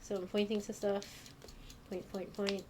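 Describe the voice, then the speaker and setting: A woman's voice: mid-range voice, little pitch movement, normal speed, noisy background. A woman streaming from her home stream room, chatting casually and rambling with fillers and self-mocking asides. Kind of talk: casual chat while unpacking on stream.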